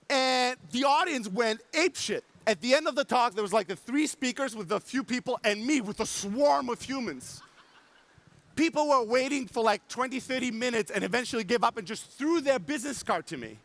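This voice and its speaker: A man with a German accent giving an energetic conference talk, acting out quotes and swearing for emphasis. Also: very high voice, fairly quick, no room sound. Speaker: conference speaker. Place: conference stage before an audience.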